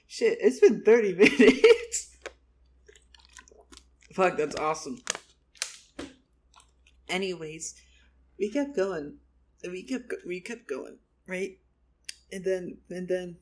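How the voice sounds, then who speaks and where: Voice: mid-range voice, darkish tone. A vlogger telling a rambling improvised story at home, giggling, swearing and restarting sentences.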